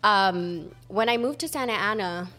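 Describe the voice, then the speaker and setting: A woman's voice: mid-range voice, moderate pace, sharp tone, faint music behind. A young woman with a Los Angeles accent, talking frankly and casually as a guest, swearing now and then and slipping into Spanish. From Los Angeles area. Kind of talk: casual chat, switching between English and Spanish.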